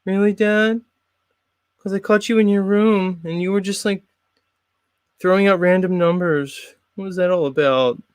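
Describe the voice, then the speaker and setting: A man's voice: steady tone, moderate pace, pauses often, clean tone, no room sound, studio quality, lightly acted. A man doing a whiny young son. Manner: high, whiny, questioning.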